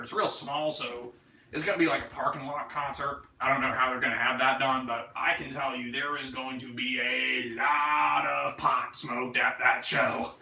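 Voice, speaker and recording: A man's voice: mid-range voice, pushed and bright, roomy sound, distant mic, slight background noise, rough recording. A man in his twenties with a North Carolina Southern accent, hosting a casual livestream chat, rambling, joking and swearing as he reads comments. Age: 20s. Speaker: livestream host.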